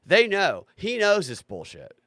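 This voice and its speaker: A man's voice: high voice, wildly swooping pitch, measured pace, a bit bright, no room sound, clean studio sound. A man hosting a livestream, talking casually in a sarcastic, ranting way and swearing freely. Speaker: livestream host.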